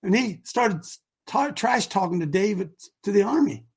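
A man preaching a sermon, retelling a story with animated shouts and slangy asides. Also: high voice, normal speed, husky.

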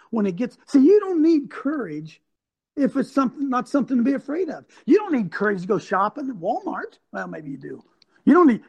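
A man's voice: high-pitched, vocal fry, slightly rough. A man hosting an online show, a former football coach giving an intense, emphatic, sermon-like talk full of rhetorical questions into his computer mic. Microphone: computer mic on a video stream.

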